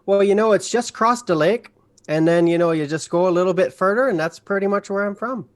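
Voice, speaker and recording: A tall, cheerful northerner booms out his friendly words, as a player puts him on. His put-on accent is hard to place, and his voice rides high and loud. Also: very animated, moderate pace. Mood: jovial. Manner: loud, chummy, odd accent.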